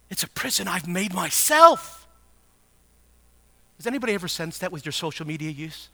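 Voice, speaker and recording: A man preaching a sermon, moving from hushed murmured questions to shouted, emphatic exhortation. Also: a little high, lively intonation, normal speed, long pauses. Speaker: pastor.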